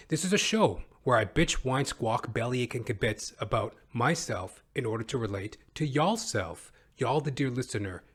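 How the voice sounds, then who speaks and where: A young man hosting his own podcast, telling a comic story in an animated, profane, self-mocking way. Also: medium pitch. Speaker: podcast host. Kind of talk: comedic storytelling monologue.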